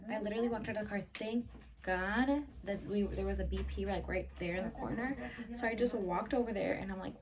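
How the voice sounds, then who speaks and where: A woman's voice: medium pitch, fairly quick, a crowd in the background. A young woman in her twenties chatting casually to camera in a Q&A, telling stories and saying "like" constantly, with frequent swearing. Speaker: vlogger. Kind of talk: casual Q&A storytelling. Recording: voice a little distant from the mic, faint ambient noise.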